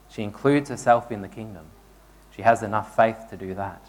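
A man's voice: lowish voice, normal speed. Man preaching a conversational sermon. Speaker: pastor.

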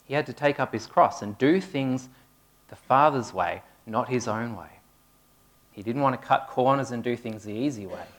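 A man's voice: medium pitch, moderate pace. A man giving a conversational sermon, asking his congregation questions as he goes. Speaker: preacher. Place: church hall with a congregation.

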